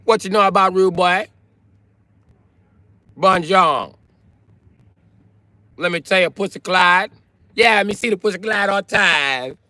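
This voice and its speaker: A man doing a loud taunting woman in patois. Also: high-pitched, measured pace, pauses often, no room sound, voice pushed up. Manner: shouting, taunting, sing-song.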